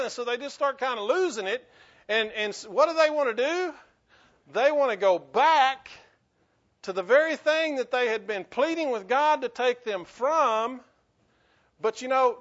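A man's voice: very high voice, animated, normal speed, a bit bright. A man preaching a sermon as pastor, earnest and emphatic, often restarting his phrases. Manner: earnest, repetitive restarts, rising to emphatic bursts. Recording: dull lo-fi recording.

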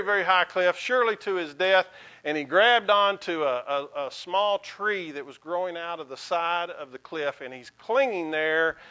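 A man's voice: high voice, sharp tone, lo-fi sound. A male pastor giving a sermon in an earnest, conversational way, with a folksy sense of humor.

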